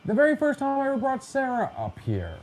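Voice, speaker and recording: Over slight background noise, a podcast host speaks a little fast in an extremely high voice that swoops wildly in pitch. His storytelling is chatty and jokey, complete with impressions of the people he quotes.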